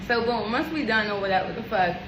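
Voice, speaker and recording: A young woman hairstylist telling a story to her phone camera, animated, emphatic and full of swearing. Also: fairly high pitch, quick pace. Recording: echoey room with steady background noise.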